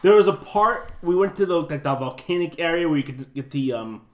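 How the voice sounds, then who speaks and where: A man's voice: fairly high pitch, lively intonation, a little fast. Man telling a rambling story. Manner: rambling anecdotes with laughs. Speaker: podcast co-host. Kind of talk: casual storytelling chat.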